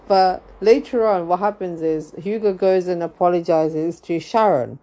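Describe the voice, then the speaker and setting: A woman's voice: fairly low pitch, normal speed, few pauses, warm tone. A young woman hosting a casual gossip podcast, rambling with lots of fillers and frequent laughter. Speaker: podcast host.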